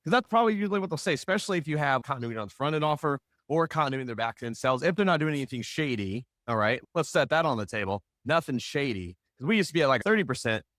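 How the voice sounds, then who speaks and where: A man teaching a live marketing workshop, energetic and joking, swinging between loud and soft. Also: medium pitch, racing, hardly any pauses, dry recording, clean studio sound. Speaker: marketing instructor. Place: room with a live audience.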